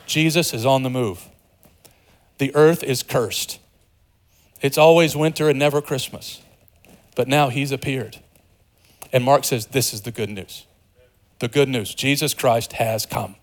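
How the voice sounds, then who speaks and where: A pastor preaching a sermon in an animated, conversational way, joking with the congregation and dropping to a hushed voice for quieter passages. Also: male voice, medium pitch. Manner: animated, swings between loud emphasis and hushed, softer passages.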